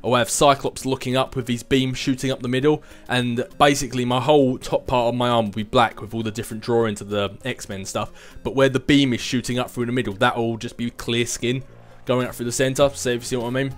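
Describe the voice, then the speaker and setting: A man's voice: medium pitch, level tone, a little fast, few pauses. A young man in his twenties hosting a casual vlog and answering viewer questions in a rambling, chatty way, with self-mocking asides. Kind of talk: casual chat.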